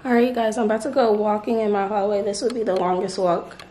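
A tired, out-of-breath woman talking casually and softly to her viewers in a vlog. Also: medium pitch, level tone, fast, a little hiss or hum. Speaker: vlogger. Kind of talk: casual vlog chat to camera.

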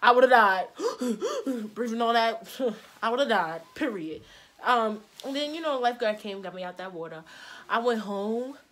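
A woman's voice: on the high side, normal speed. Slangy young woman telling stories. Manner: slangy and animated, acts out quotes. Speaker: vlogger. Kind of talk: casual storytime chat.

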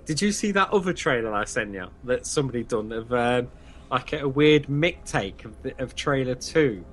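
A man's voice: mid-range voice, expressive, moderate pace, fairly bright tone. A man co-hosting a fan podcast, chatting enthusiastically, repeating himself with plenty of fillers. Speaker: podcast co-host. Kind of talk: casual podcast chat.

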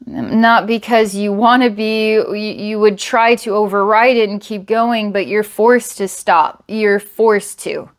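A woman giving an intuitive psychic reading, talking in a halting, searching way with many fillers and repeated words, sometimes slow and hushed. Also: mid-range voice, steady tone. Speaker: psychic reader.

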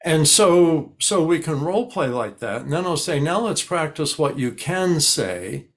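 An older man speaking calmly in an interview, explaining at length and acting out sample dialogues. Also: a little high, measured pace. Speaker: guest expert on high-conflict people. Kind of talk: conversational interview.

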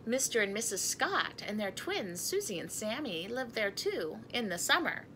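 A woman's voice: on the high side, sing-song, normal speed, sharp tone, slight background noise. A woman reading a picture book aloud in a chatty manner. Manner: chatty, breaks off to talk to her cat and laugh. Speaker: storybook reader.

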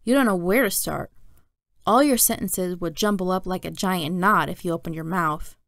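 Woman, storyteller, reading a children's novel aloud, steady, gravelly edge, dry close sound. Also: lowish voice, normal speed, no echo. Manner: steady, plain narration.

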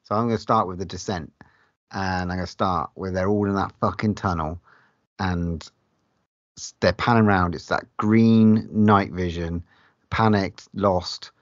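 A man co-hosts a podcast in lively casual chat, swearing heavily. His voice is very low, and the recording is dry and dull. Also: unhurried, dry recording. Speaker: podcast co-host. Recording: dry, muffled podcast audio.

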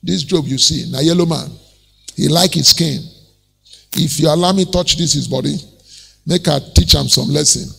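A man's voice: a little high, moderate pace, gravelly, pauses often, a bit bright, long reverb tail, slight background noise. A Nigerian man voicing Satan as a taunting male tempter in Pidgin, within a sermon. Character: sneering male Satan bargaining to harm a man.

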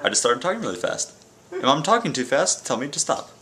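A man's voice: a little high, big pitch swings, crowd noise. A young man vlogging casually with a friend, joking and talking to viewers, outdoors and in a car on a rainy day. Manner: joking, speaks to viewers, bursts into fast talk. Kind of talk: casual chat.

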